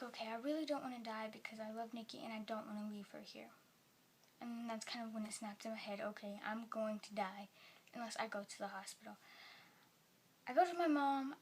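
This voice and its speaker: A woman talking in a personal vlog at home, rambling softly and sometimes dropping into a whisper. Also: fairly high pitch, slight background noise. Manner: soft-spoken, rambling, drops into whispers. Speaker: vlogger.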